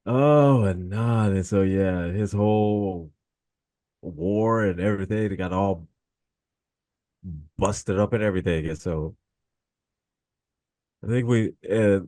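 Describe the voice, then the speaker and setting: A man co-hosting a casual podcast chat, rambling and halting as he talks. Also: lowish voice, warm tone, no room sound. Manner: rambling, halting, with many fillers. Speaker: podcast co-host.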